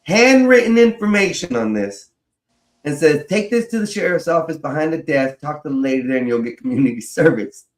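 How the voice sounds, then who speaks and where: A man's voice: on the high side, lively intonation, a little fast. A man telling a long personal story in a casual way, swearing freely and laughing as he goes. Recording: roomy echo.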